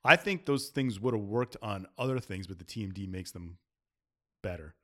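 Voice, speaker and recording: A man's voice: fairly low pitch, lively intonation, normal speed, pushed and bright. A man co-hosting a casual gaming podcast, stammering as he argues and laughing often. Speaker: podcast co-host.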